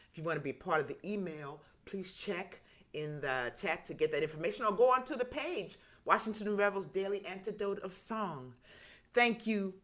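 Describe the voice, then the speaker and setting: Effusive woman host on a video call, bright tone, a bit low pitched. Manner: effusive, exclaiming. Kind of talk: online concert wrap-up chat.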